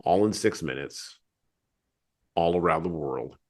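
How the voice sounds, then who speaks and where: A man's voice: sits low, animated, measured pace, a little mellow. A man hosting a podcast, talking casually and drifting into chatty asides. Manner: digressive, chatty, many asides. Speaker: podcast host.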